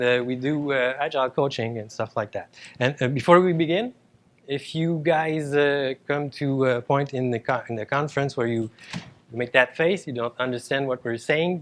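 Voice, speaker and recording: A man with a Quebec French accent, a native French speaker, giving a joking, chatty conference talk with many fillers. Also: mid-range voice. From Quebec, Canada. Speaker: agile coach, conference speaker. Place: conference stage before an audience.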